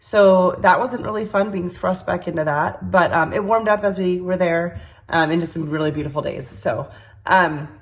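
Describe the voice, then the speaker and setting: A woman's voice: lowish voice, moderate pace. A woman in her thirties from New York, chatting casually in her kitchen while cooking, a bit congested with a slightly nasal voice. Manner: chatty, rambling, many fillers. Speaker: cooking vlogger. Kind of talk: casual chat. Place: home kitchen.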